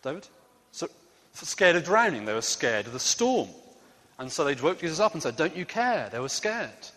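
Lively man storytelling in an echoey hall. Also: sits high. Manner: lively, coaxing the audience into sound effects. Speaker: preacher leading a children's talk. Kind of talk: interactive storytelling to a congregation. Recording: echoey hall with faint ambience.

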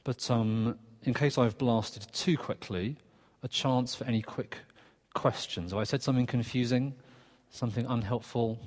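A man preaching a sermon in a conversational, earnest way, with quick asides and restarts. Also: mid-range voice, steady tone, a little mellow. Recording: long reverb of a church hall.

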